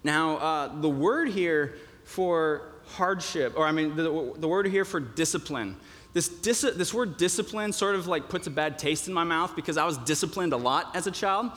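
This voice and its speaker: A man's voice: on the high side, normal speed, a bit bright. A young man preaching a sermon in a conversational way, with many fillers and restarts. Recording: long reverb of a hall.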